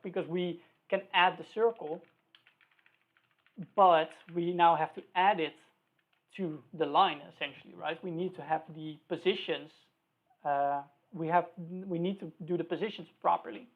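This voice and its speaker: A programming instructor talking through live code, thinking aloud, spelling out each line, and correcting slips along the way. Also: medium pitch. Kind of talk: live-coding tutorial. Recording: tinny phone-like recording.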